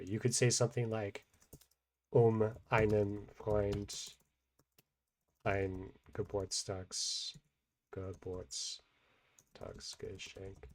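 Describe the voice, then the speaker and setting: A man explaining grammar in a relaxed, unscripted way, thinking aloud with many fillers and restarts. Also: lowish voice. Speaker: language teacher.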